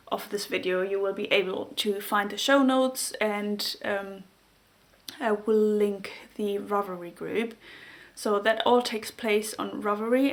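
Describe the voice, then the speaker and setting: German-accented woman chatting to camera about knitting, halting, lots of pauses hunting for words, plain mid voice. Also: mid-range voice. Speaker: knitting podcast host. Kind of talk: casual chat to camera.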